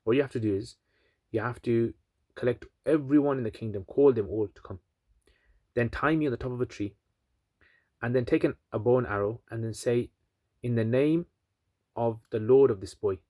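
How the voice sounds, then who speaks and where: A man's voice: medium pitch, moderate pace, pauses often, mellow, close to an everyday voice. Man voicing an earnest young boy. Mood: calm. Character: young boy steadfast in faith.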